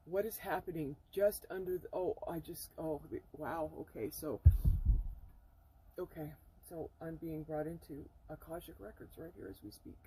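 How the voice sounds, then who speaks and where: A woman talking earnestly to the camera in a spiritual vlog from inside her camper, often halting and emotional. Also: deep voice, mellow, breathy edge, low-quality recording. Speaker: spiritual vlogger. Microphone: camera mic.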